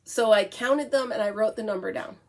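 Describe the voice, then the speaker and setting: A woman's voice: fairly high pitch, a little fast, darkish tone. A middle-aged woman from the United States hosting a casual morning coffee chat, chatty and breaking into baby talk with her dog. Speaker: vlog host.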